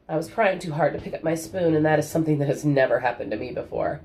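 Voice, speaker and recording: A woman reading a children's novel aloud in an even, storytelling way. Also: low voice, fast talker, slight background noise. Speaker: audiobook reader.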